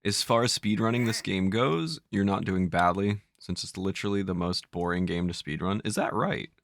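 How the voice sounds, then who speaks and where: Gravelly, low-voiced male streamer. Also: moderate pace. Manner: jokey, laughs at his own bits. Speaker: game streamer. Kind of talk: casual live-stream commentary.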